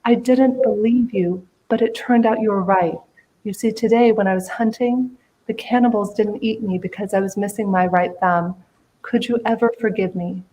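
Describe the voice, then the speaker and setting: A woman voicing an outraged young male king who shouts in a raised, high-pitched voice during a spoken story. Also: fairly even intonation, normal speed, lightly acted, low-quality recording. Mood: pleading. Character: furious young male king, grieving and panicked.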